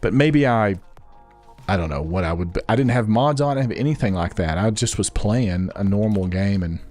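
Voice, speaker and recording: A man's voice: fairly low pitch, expressive, moderate pace, darkish tone, soft background music. A young adult man talking casually with viewers while streaming a game, rambling and chatty. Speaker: gaming streamer. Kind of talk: casual live-stream chat.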